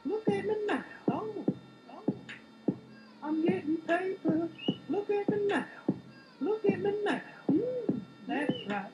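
A man voicing a high-voiced cartoon rapper in a shrill falsetto in a rap parody. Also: sing-song, takes it slowly, over music, heavily acted. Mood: cocky.

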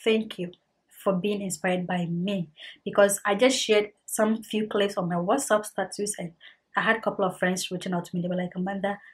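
Husky woman, earnest vlog talk. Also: medium pitch, steady tone, normal speed. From Ghana. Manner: earnest, heartfelt, repeats herself for emphasis. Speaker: vlogger. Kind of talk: casual talk to camera.

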